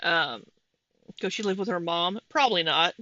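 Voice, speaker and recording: A woman talks casually over clips, calling out her viewers by name in a chatty way. Her voice is very bright and sharp. The sound is bone dry and a little dull, like a lo-fi home recording. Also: on the low side, expressive, normal speed, dry recording. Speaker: commentator reacting to a livestream.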